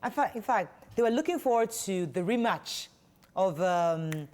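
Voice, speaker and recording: A woman hosting a talk show, telling a story in a chatty, animated way. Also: mid-range voice, moderate pace. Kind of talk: casual studio chat.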